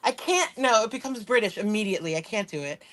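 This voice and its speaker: A woman's voice: mid-range voice, lively intonation, quick pace, rough recording. A woman on a stream panel, playful and giggly, teasing the others. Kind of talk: casual chat.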